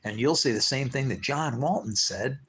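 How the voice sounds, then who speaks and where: A man's voice: medium pitch, normal speed, fairly bright tone, slightly rough. A man hosting his own live stream, rambling loosely between thoughts, swearing freely and laughing to himself. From United States. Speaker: livestream host.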